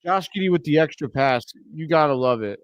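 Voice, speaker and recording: A man hosting a live reaction stream, giving blunt, excitable play-by-play commentary with loud outbursts. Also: a little high, a little fast, no room sound, lo-fi sound. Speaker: host of a fan reaction stream.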